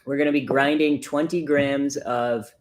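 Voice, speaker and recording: A man's voice: mid-range voice, steady tone, measured pace, a little hiss or hum. A man from the United States hosting a casual livestream, chatting and laughing while he brews coffee. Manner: chatty, self-deprecating, laughs often. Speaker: livestream host.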